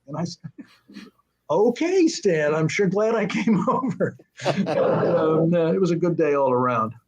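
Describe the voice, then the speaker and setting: An older man, a guest on an interview show, telling anecdotes in an animated way and acting out the voices of people he quotes. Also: fairly high pitch, measured pace, background noise. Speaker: guest, TV series creator. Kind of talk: anecdotal storytelling. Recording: muffled lo-fi audio.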